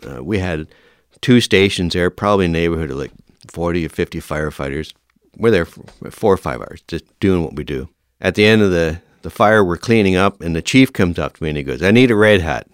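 Deep-voiced man telling a story. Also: brisk, dry recording, studio quality. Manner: animated storyteller, acts out quoted dialogue. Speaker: firefighter guest. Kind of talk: storytelling in an interview.

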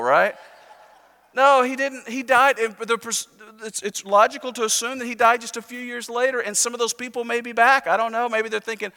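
Male pastor, high bright voice, conversational sermon with humor, reverberant church hall. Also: fairly even intonation. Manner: conversational preaching with jokes, slowing and softening for emphasis. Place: church sanctuary.

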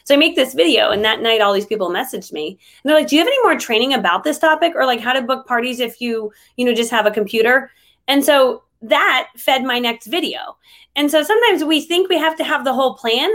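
A chatty woman with a fairly high voice talks as a guest in a relaxed interview. She fills her speech with easygoing fillers and quick laughs. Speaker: interview guest, online trainer. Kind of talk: casual conversational interview.

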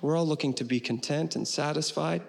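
Earnest male pastor, fairly high voice, sermon delivery with slow, weighted phrases. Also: creaky, soft background music. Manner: earnest, slows for emphasis and ends with prayer.

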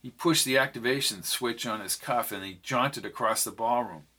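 Man, audiobook reading, scripted narration, plays every character himself, middle pitch, crisp bright tone. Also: normal speed. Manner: reads all the characters' dialogue in his own voice.

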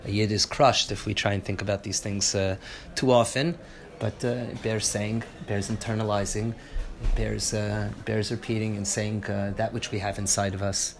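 A man teaching a Torah class, halting with many restarts and fillers, moving between low reflective talk and loud fervent teaching. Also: level tone, gravelly.

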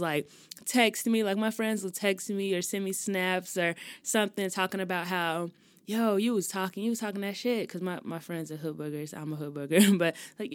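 A young woman from Chicago hosting her own podcast, talking in a chatty, animated way with slang and frequent laughs. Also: on the low side, clean tone, no room sound. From Chicago, US Midwest. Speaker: podcast host. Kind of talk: casual solo podcast chat.

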